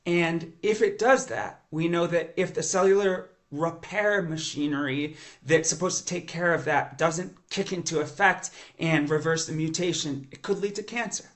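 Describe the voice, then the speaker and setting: A man's voice: a little high, moderate pace, hardly any pauses, a bit bright. A man teaching science in an eager, conversational lecture, explaining as he goes and often restarting his sentences. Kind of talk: educational lecture monologue.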